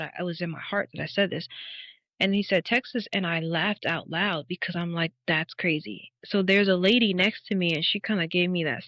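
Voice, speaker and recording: A woman in her thirties, a podcast guest, telling her faith testimony as a lively story, acting out the dialogue and laughing often. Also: lowish voice, no echo. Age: 30s. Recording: dull, dry podcast audio.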